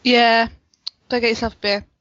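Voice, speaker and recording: A woman co-hosting a podcast in a relaxed, casual chat, laughing easily. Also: on the high side, normal speed, no room sound, muffled recording. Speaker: podcast co-host.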